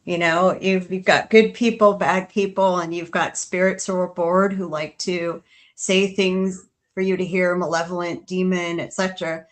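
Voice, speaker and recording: A woman's voice: on the low side, fairly even intonation, normal speed. A woman who leads ghost hunts, co-hosting a podcast in a chatty, joking way. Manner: chatty and joking, addresses listeners as folks. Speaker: podcast co-host, ghost hunt leader. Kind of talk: casual podcast chat.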